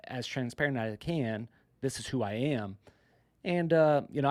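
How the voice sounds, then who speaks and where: A man's voice: medium pitch, darkish tone, no room sound. Male podcast host, 30s, from South Florida; upbeat, laughs easily. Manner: upbeat, laughs often, quick asides. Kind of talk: casual interview chat.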